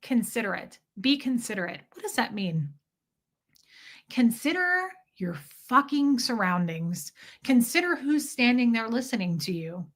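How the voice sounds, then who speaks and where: A woman's voice: a little high, pushed and bright. A woman hosting a casual podcast, telling a story with indignation, swearing freely and addressing her listeners. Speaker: podcast host.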